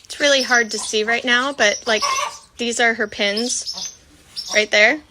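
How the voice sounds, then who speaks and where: A woman's voice: a little high, fairly even intonation, unhurried, background noise. A woman vlogging on her farm, chatting hopefully to viewers as she explains what she sees, filmed on a handheld phone. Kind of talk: casual explanatory vlog narration. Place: farm barn and pasture, outdoors.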